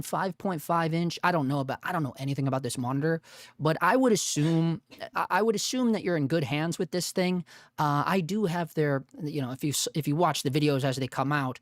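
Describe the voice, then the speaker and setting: A man's voice: fairly high pitch, no room sound, studio quality. A man hosting a live stream in a casual, rambling way, often saying "dude" and "you know". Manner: rambling, laid-back, says "dude" and "you know" a lot. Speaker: livestream host.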